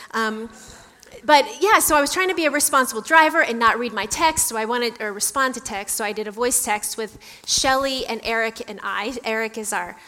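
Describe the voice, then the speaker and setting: A woman's voice: on the high side, sharp tone. A woman pastor giving a conversational sermon, chatty and self-deprecating as she tells a story. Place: church sanctuary. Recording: echoey church hall.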